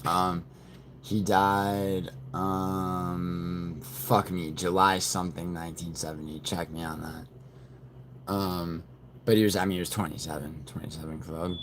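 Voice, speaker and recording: A man's voice: sits low, little pitch movement, unhurried, a little hiss or hum. A man hosting a livestream in a rambling, profane way, talking straight to his chat. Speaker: livestream host. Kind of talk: casual livestream chat with viewers.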